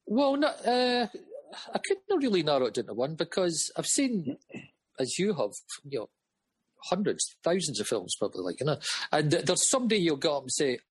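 Husky chatty man. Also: medium pitch, sing-song, normal speed. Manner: rambling, chatty, laughs often. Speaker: music promoter guest. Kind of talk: casual storytelling.

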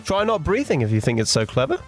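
Dry deadpan comedy host. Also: male voice, fairly high pitch, fast, faint music behind. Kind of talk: scripted comedy news interview.

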